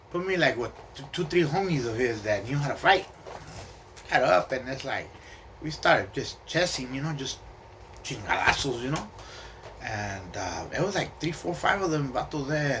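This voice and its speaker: A man's voice: mid-range voice, big pitch swings, normal speed, sharp tone, a little hiss or hum. A man telling a personal story casually, streetwise and profane, with slang and Spanish words mixed in.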